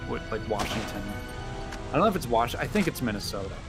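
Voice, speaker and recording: A man's voice: on the low side, big pitch swings, fast, music in the background. A man hosting a gaming stream, rambling through a casual story with lots of fillers. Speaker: streamer host. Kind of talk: casual chat while gaming.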